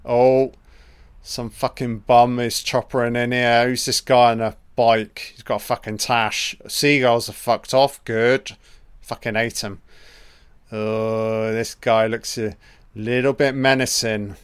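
Slow-talking, sweary man reacting to a film. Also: mid-range voice, smooth, dry recording. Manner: profane, excitable running reactions. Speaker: film commentary host. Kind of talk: casual film commentary.

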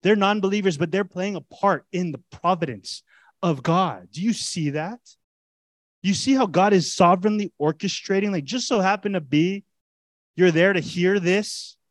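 A male pastor delivering an animated, conversational sermon, pressing his listeners with rhetorical questions. His voice sits a bit high and sounds dry and close, with little room echo. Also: normal speed.

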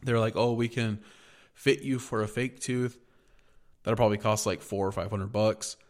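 A man's voice: on the low side, fairly even intonation, moderate pace, a little mellow. A man from the United States co-hosting a podcast, telling rambling, profane stories in casual chat. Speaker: podcast co-host.

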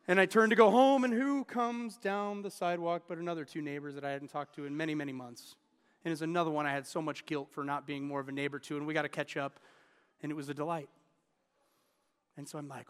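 A man's voice: fairly high pitch, fairly even intonation, fast talker, clean tone. Earnest man preaching in a reverberant hall. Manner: earnest, candid storytelling with restarts. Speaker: pastor. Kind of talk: sermon.

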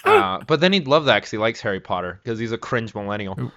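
A man's voice: lowish voice, sing-song, quick pace, a bit bright, highs cut off. A man co-hosting a podcast in casual chat, teasing and swearing, a bit tipsy from tequila. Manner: profane, teasing banter. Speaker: podcast co-host.

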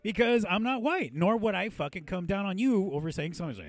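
Gravelly-voiced man telling crude stories. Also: high voice, sing-song, fast, no echo. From Mexican-American from San Diego. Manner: profane, storytelling, laughs often. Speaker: podcast host and puppeteer. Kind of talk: casual podcast chat. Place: podcast studio.

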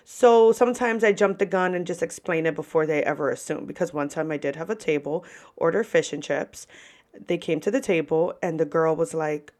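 Animated young woman telling server stories. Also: fairly quick. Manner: animated, profane, lively pitch swings. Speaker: podcast host and restaurant server. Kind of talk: casual storytelling.

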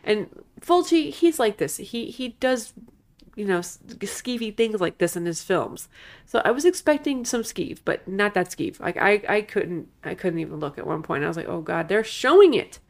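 Brief: woman co-host, mid-pitch, blunt crude reactions, casual. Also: sing-song, moderate pace. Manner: blunt, grossed-out, crude jokes. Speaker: podcast co-host. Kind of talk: casual film review chat.

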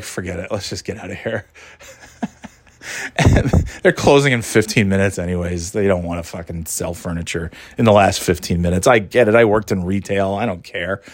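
A man's voice: on the low side, dry recording, clean studio sound. A man telling a rambling, profane story in a casual, exasperated way, laughing as he goes.

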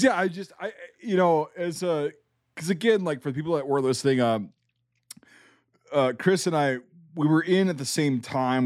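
A man's voice: medium pitch, darkish tone, dry recording, clean studio sound. A man hosting a casual podcast, talking bluntly and sardonically with plenty of swearing. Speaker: podcast host, former National Guard soldier.

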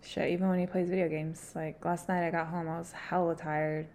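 A woman's voice: lowish voice, fairly quick, a little hiss or hum. Blunt, profane young woman podcaster. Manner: blunt, profane, animated storytelling. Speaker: podcast co-host. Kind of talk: casual chat.

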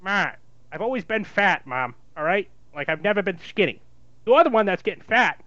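A man's voice: lively intonation, normal speed, pushed and bright, dry recording. A man voicing a lazy, sulky grown son who talks back to his mother. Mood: defensive. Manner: low, sulky, talking back. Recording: dull dry lo-fi sound.

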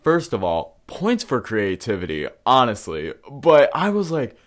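A man's voice: mid-range voice, huge pitch swings, measured pace. A young man hosting a podcast, telling stories from his past in a candid, casual way, swearing freely and using plenty of fillers. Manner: candid and profane, with frequent fillers. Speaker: podcast host. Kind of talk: casual storytelling.

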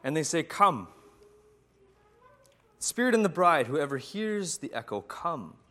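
A man preaching as a pastor, retelling a scripture story in a reflective way with dramatic pauses. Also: a little high, very animated, bright, forceful tone. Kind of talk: sermon storytelling.

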